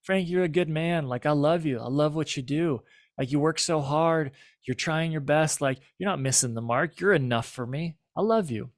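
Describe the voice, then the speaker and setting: A man's voice: fairly high pitch, moderate pace, dry recording, studio quality, lightly acted. A man voicing a frustrated wife who complains to her husband in a pointed way. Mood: affectionate.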